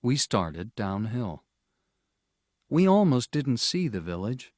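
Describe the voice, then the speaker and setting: Slow, measured male audiobook narrator. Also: medium pitch, sing-song, darkish tone, no room sound, clean studio sound. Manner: slow, measured, clear reading. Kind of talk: scripted storybook narration.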